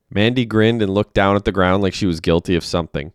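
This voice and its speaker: Male story narrator, low voice, clean dry read. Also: fast talker, clear, resonant tone, dry recording. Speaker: audiobook narrator. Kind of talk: scripted narration.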